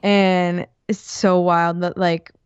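A woman's voice: fairly low pitch, flat delivery, slow pace, clear, resonant tone, no echo. A woman in her twenties, a guest on an interview show, chatting casually with lots of fillers. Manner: chatty, filler-heavy storytelling. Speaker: guest, former college hockey player. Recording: dry, dull lo-fi sound.

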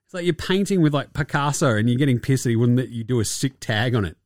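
A man's voice: mid-range voice, animated, quick pace, dry recording. Aussie guy hosting a sports podcast, swears a lot, sarcastic, dry close sound. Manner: crude, sarcastic, swears and laughs often. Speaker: podcast host. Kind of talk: casual basketball chat.

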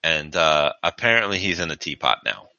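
A man's voice: a bass voice, very animated, normal speed, vocal fry, bright, forceful tone, dry recording, highs cut off. A man playing a tabletop game, talking casually and swearing freely. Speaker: player.

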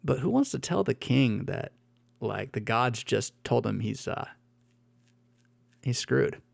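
A man teaching on scripture in an animated, talky way. He repeats words as he thinks aloud and keeps asking "right?" His voice sits at a middling pitch, and the sound is dry and close. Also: takes it slowly, creaky, no room sound. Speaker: Bible teacher. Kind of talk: conversational Bible teaching with scripture reading.

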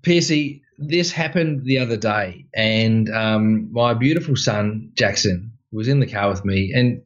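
A man co-hosting a casual podcast, telling stories with lots of fillers and animated re-enactments. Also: lowish voice, measured pace, highs cut off. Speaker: podcast co-host, wellness expert.

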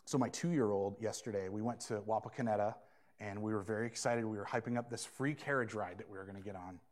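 A man in his thirties preaching a sermon, earnest, moving between hushed asides and emphatic points. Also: fairly low pitch, fast. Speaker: pastor.

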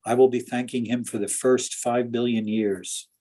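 A man's voice: mid-range voice, level tone, normal speed, warm tone. A man who is a pastor, telling personal stories in an interview in an earnest, anecdotal way. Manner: earnest, anecdotal, with laughs and restarts. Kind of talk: storytelling in an interview.

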